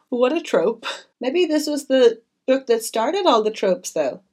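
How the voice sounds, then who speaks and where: Woman, audiobook reader with chatty asides, animated delivery. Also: a little high, unhurried. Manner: expressive, chatty. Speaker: audiobook narrator. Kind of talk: reading a classic novel aloud with chatty asides.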